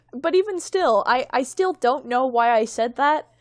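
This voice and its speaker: A woman's voice: sits high, expressive, a little hiss or hum. A young adult woman telling a personal story on a casual podcast, rambling and mocking herself. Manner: rambling and self-mocking, quick laughs. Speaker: guest.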